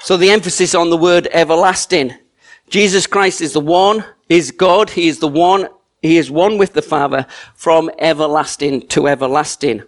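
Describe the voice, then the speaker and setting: A man's voice: fairly high pitch, steady tone, moderate pace. A middle-aged man preaching a sermon in a conversational, storytelling way, often restarting his sentences. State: choked with emotion.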